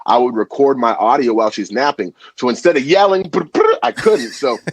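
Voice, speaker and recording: A young man with a husky voice talks in a loose, animated way, full of slang and the odd curse. He is a podcast guest chatting about making food videos. The sound is dry and close, with no room around it. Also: medium pitch, a little fast, no room sound. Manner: animated, slangy, swears freely. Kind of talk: casual chat.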